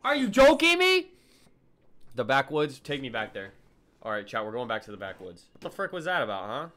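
A young man streaming a horror game, chatting with viewers in slang and yelping and shouting at every scare. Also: lowish voice, fast talker. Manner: excitable, yelps and shouts at scares. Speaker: gaming streamer. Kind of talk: live gameplay commentary to chat.

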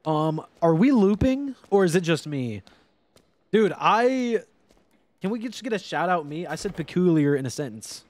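Hyped up guy streaming a game, fairly high voice that swings all over, cursing a lot. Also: normal speed. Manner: excitable, loud swings, swearing and laughing. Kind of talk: casual live gameplay commentary.

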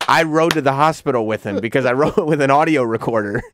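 A man's voice: medium pitch, quick pace, background noise. A man hosting a radio talk show, recounting an old incident in an easygoing, matter-of-fact way. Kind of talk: casual talk-show chat.

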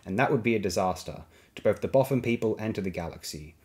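A man's voice: on the low side, expressive, quick pace, a little mellow, natural voice. A man voicing a proud furry male alien diplomat in an audiobook, speaking formally and snarling when angered. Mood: stiff formal. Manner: formal, stiff, hisses and snarls when angry.

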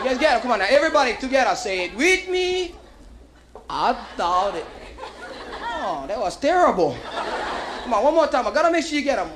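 A high, lively-voiced man doing stand-up with a Hawaiian Pidgin accent, swinging his pitch around as he teases the crowd. A live club recording off vinyl, with an audience laughing and a steady hiss. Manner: animated, playful crowd work with put-on voices. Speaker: stand-up comedian. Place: comedy club stage.

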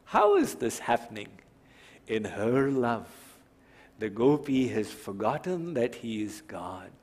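Slow-speaking spiritual teacher. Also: male voice, medium pitch. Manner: storytelling, animated voice changes. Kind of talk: devotional sermon. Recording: reverberant hall.

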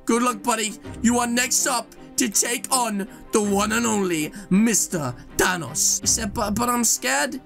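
A young man giving excited gameplay commentary as a YouTube host, exclaiming and talking straight to his viewers. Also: high voice, measured pace, creaky, hardly any pauses, faint music behind. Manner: hyped, exclamatory, addresses viewers as guys. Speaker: gaming YouTuber.

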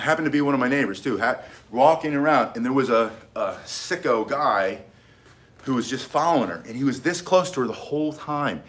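A man's voice: mid-range voice, a bit bright. Emphatic middle-aged man teaching self-defense. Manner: emphatic, repeats key points, restarts sentences. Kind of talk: casual instructional talk.

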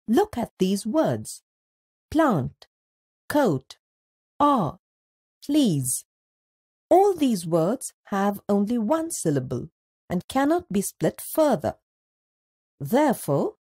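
A woman narrating a scripted school lesson, speaking slowly and deliberately and stretching words out syllable by syllable. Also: on the high side, warm tone, breathy edge. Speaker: teacher narrator.

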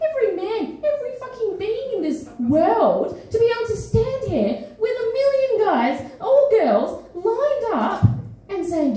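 A woman's voice: very high voice, moderate pace. An Australian woman telling a story at a live poetry event, acting out the people in it as she goes. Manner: animated, acts out the people in her story. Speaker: feature poet. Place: small studio venue with a live audience. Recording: echoey live room recording.

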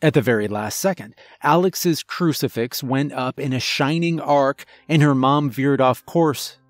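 A man narrating a first-person horror story in a measured, dramatic storytelling manner. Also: mid-range voice, no echo, studio quality.

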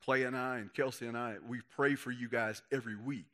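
A man's voice: mid-range voice, steady tone, a little fast, bright, forceful tone. A young man, a youth pastor giving a folksy, conversational sermon. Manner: folksy, conversational, acts out quotes. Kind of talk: casual sermon to young people.

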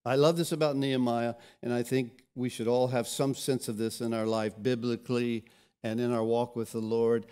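A man's voice: medium pitch, flat delivery, moderate pace, a little mellow, smooth. A pastor preaching a sermon, often repeating words as he restarts, and telling scripture stories dramatically.

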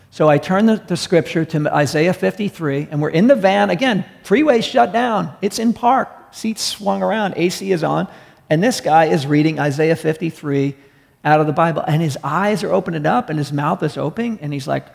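A pastor telling a story in a sermon, animated and quoting the people in it. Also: male voice, a little high, normal speed, gravelly. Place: church hall. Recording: echoey church hall.

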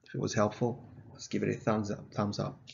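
A man teaching a video lesson, explaining in a measured way with an occasional filler, on a dull lo-fi recording. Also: fairly low pitch, level tone, vocal fry, slight background noise. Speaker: math teacher.

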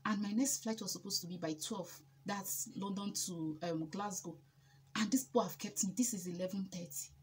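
A Nigerian woman recounting a story to her viewers in a lively, emphatic way, often repeating a line to drive it home. Her voice sits at a plain middle pitch, neither high nor low. A faint hiss runs under the recording. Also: moderate pace. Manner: emphatic, animated, repeats herself for effect. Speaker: vlogger. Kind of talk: casual storytelling.

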